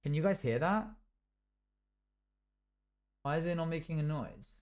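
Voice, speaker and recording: A man's voice: a little high, unhurried, darkish tone, muffled recording. A man streaming live, chatting casually and telling rambling stories to his chat, acting out what people said. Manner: rambling anecdotes told to chat; acts out quotes in a raised voice. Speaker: livestreamer.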